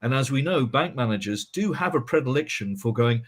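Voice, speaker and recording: A man's voice: mid-range voice, lively intonation, a little fast, hardly any pauses. A man co-hosting a casual stream, cutting in with apologies and mocking imitations of bank managers. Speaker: co-host. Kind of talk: casual live-stream chat.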